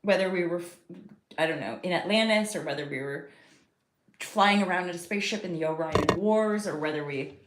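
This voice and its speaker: A woman's voice: fairly low pitch, fairly quick, noisy background. A woman giving a casual live tarot reading, rambling and chatty as she talks to her viewers. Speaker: tarot reader and host. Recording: roomy echo.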